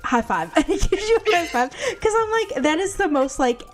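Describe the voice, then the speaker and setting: A woman's voice: extremely high pitch, expressive, normal speed, soft background music. A woman hosting a casual discussion stream, chatting and laughing often between sentences. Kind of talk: casual chat.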